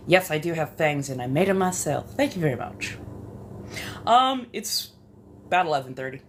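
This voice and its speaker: Young woman, West Coast accent, low-pitched, loose chatty streamer delivery with cursing and asides. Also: animated, normal speed, slight background noise. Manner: chatty, swearing, rambling asides. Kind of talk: casual live-stream chat.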